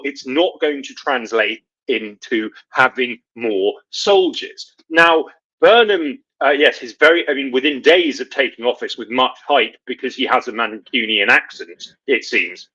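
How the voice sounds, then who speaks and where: A man with a bright, forceful voice gives sardonic live political commentary, rambling through fillers and restarts. His voice sits at an ordinary pitch, and the recording sounds dull and lo-fi.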